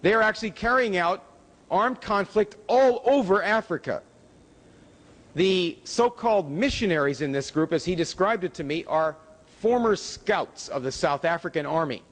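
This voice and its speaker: Guy giving a lecture, kinda high voice, leans hard on key words, echoey hall. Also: expressive, normal speed. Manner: emphatic, rising pitch on key words. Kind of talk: public lecture with slides. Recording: hall reverb from a lecture room.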